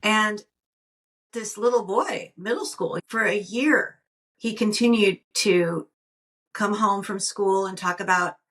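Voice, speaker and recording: This podcast co-host's voice sits at a medium pitch with a fairly bright tone. She tells stories with energy in a relaxed, chatty way, frequently starting her sentences over. The mic catches her from some distance away.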